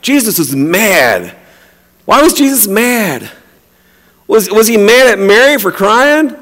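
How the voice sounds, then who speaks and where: A male pastor preaching in a loose, conversational way, repeating himself and breaking into little acted-out quotes. His voice sits high for a man. The sound carries a long reverb, as in a large hall. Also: big pitch swings, slow, a bit bright. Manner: conversational, repeats and restarts words, acts out quotes. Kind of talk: sermon.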